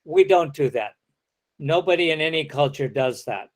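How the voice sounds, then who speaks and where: A man's voice: a little high, expressive, moderate pace. A man giving an academic lecture, explaining step by step and acting out example sentences.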